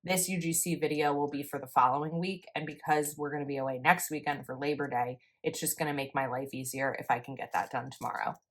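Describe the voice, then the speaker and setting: A woman's voice: low-pitched, fairly even intonation, fast talker, few pauses. A young woman, chatting casually and rambling a little as she talks through her planner. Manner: chatty, rambling, self-correcting. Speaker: planner vlogger. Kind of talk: casual voice-over while planning.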